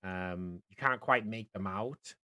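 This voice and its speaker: A young man narrating as dungeon master of a tabletop game, halting and full of fillers. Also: low-pitched, sharp tone, clear, resonant tone. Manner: hesitant, many fillers and restarts.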